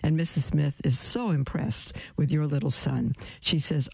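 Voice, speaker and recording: A man teaches a caller earnestly, pausing and restarting as he explains. His voice sits a little high and has a gravelly texture. The sound is dry and close. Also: steady tone, darkish tone, dry recording. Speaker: Catholic radio host answering a caller. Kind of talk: call-in teaching, explaining with a story.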